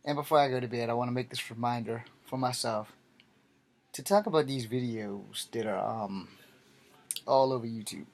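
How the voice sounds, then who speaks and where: A man's voice: mid-range voice, fairly even intonation, moderate pace, gravelly. A middle-aged man talks late at night, tired and blunt. His rant rambles and he swears freely, holding a plain, casual manner as he speaks to the camera. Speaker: vlogger.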